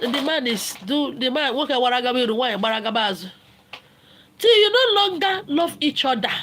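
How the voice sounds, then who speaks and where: A high-voiced middle-aged woman with a Nigerian accent talks casually on a livestream. She is animated and laughs often, mixing Pidgin and Igbo into her talk and acting out what people say. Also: a little hiss or hum. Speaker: livestream host.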